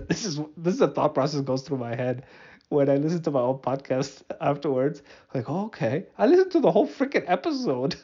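A man's voice: medium pitch, lively intonation, fairly quick, warm tone, muffled recording. Rambling self-mocking male podcast host. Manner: rambling, self-mocking, frequent fillers and restarts; laughs often at himself. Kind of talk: solo podcast monologue.

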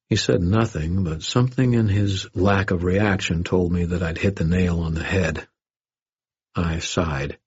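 Deep husky male audiobook narrator. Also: measured pace, dry recording, highs cut off. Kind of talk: first-person audiobook narration.

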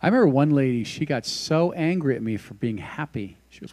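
A man's voice: mid-range voice, lively intonation, fairly quick, a little mellow. A man who works at a church, giving a casual devotional sermon with scripture reading and a closing prayer. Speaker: pastor.

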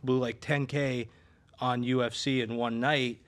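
Uomo che racconta con molte esitazioni. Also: male voice, medium pitch, level tone, a little slow. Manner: storytelling, many restarts and fillers. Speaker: sports betting handicapper. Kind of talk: casual podcast chat.

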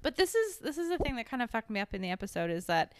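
A woman's voice: fairly high pitch, very animated, fast, clean tone, no echo, clean studio sound. A woman guest on a podcast, chatting casually and animatedly about a TV episode. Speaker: guest, host's sister. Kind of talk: casual chat.

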